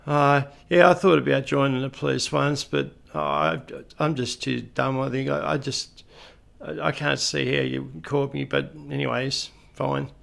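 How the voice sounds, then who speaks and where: A man's voice: medium pitch, animated, unhurried, gravelly, hardly any pauses, a bit bright, full character voice. A man doing a dopey young Aussie crook. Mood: sheepish. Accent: Australian. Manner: hesitant, stammering. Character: dim-witted young male petty offender.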